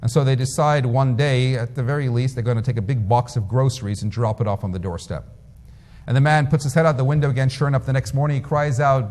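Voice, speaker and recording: A rabbi delivering a sermon, telling stories with emphatic, lively delivery. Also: male voice, mid-range voice, fairly quick. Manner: storytelling, emphatic. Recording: long reverb.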